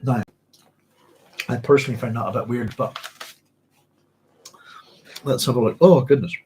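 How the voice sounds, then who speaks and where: A man's voice: medium pitch, normal speed, a little mellow, a little hiss or hum. A man with a Northern Irish accent hosting a casual book club stream, chatty and rambling, with plenty of fillers and restarts. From Northern Ireland. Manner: rambling, chatty, many fillers and self-corrections. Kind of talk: casual livestream book discussion.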